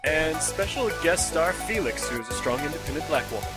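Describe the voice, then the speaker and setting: A man's voice: fairly high pitch, animated, fairly quick, loud music behind the voice. A young man hosting a casual podcast, joking and teasing his guests and laughing often. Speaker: podcast host.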